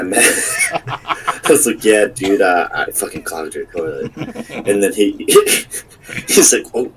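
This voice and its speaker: A low-voiced man co-hosting a casual podcast, telling stories in a loose, profane way. He swears freely and laughs as he talks. A faint hiss sits under his voice. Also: far from the mic. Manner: crude, profane storytelling. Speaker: podcast co-host. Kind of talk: casual chat.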